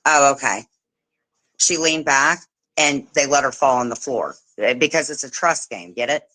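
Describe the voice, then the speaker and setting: A woman hosting a casual livestream chat, telling animated stories, swearing freely and mimicking the people she talks about. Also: rumbling low, moderate pace, dry recording, poor audio. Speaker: livestream host.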